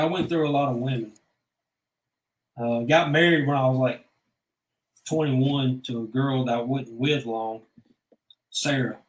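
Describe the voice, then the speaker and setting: A man, telling stories from his life in a blunt, rambling, profane way. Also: on the high side. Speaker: vlogger. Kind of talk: casual personal storytelling. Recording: echoey room.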